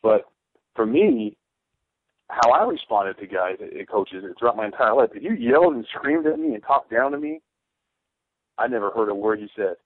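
Emphatic ex-player on sports radio, tinny. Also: male voice, fairly low pitch, expressive, normal speed, dry recording. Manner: emphatic storytelling, repeats phrases. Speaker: radio co-host, former pro football player. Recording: tinny phone-like radio broadcast, dry.

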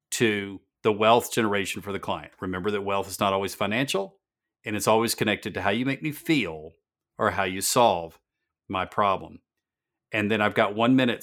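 A business podcast host with a fairly low pitch and fairly bright tone tells stories earnestly. He repeats words to add emphasis.

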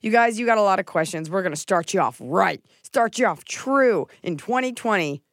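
A woman's voice: medium pitch, lively intonation, normal speed, no echo, clean studio sound. A woman hosting a comedic podcast, chatting in a playful, jokey, rambling way. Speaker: podcast host. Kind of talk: casual comedic podcast chat.

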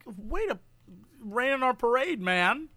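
A man's voice: very high-pitched, sing-song, takes it slowly, bright, forceful tone, dry recording. A man co-hosting a podcast, reacting with laughter and short quips. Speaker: podcast co-host. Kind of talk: casual podcast chat.

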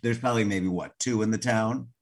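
A podcast co-host in casual comedic chat, making dry, deadpan asides. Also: medium pitch, brisk.

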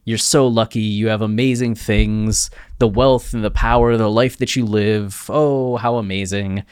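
A giddy, fawning courtier who gushes over a king's riches, as a man voices him. The voice is fairly low and dry, close to the mic. It is an off-the-cuff comic bit in a podcast. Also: measured pace, clear, resonant tone, no room sound, natural voice. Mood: gushing. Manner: gushing, excited.

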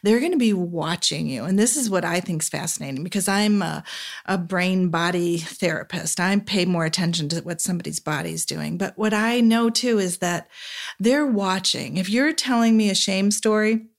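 This therapist's voice is on the low side and gravelly, moving at a normal pace. She's a guest on a casual podcast, talking reflectively and often asking "right?" to check in.

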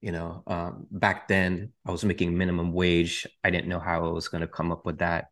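A man's voice: sits low, completely flat delivery, moderate pace, fairly bright tone. A male podcast host candidly and earnestly telling his personal faith testimony, with touches of self-deprecating humor.

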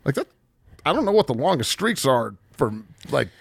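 A man's voice: medium pitch, very animated, moderate pace, gravelly, slightly rough, dry recording, clean studio sound. A man in his forties, talking casually about sports as a podcast host, heated, profane and emotional. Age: 40s. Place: studio.

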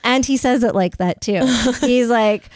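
A woman's voice: fairly high pitch, moderate pace, darkish tone, smooth, no echo, studio quality. A woman in her forties, a fashion designer guest, telling a story in casual chat and laughing often.

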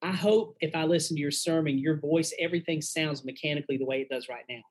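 Man, pastor guest, husky voice, frank, earnest, conversational. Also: fairly high pitch, fast, low-quality recording. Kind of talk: casual conversational advice.

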